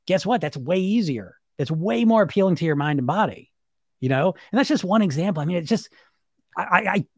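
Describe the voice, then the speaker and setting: A man's voice: high-pitched, lively intonation, brisk, no echo, clean studio sound. Emphatic chatty middle-aged man coach. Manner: chatty, emphatic, repeats fillers, swears casually, laughs often. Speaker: weight-loss hypnosis coach. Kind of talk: casual monologue.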